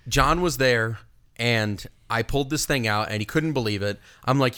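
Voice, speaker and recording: Bright-voiced priest telling a lively story. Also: male voice, mid-range voice, normal speed, smooth. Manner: animated, self-mocking storyteller. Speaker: priest and podcast co-host. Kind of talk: casual storytelling chat.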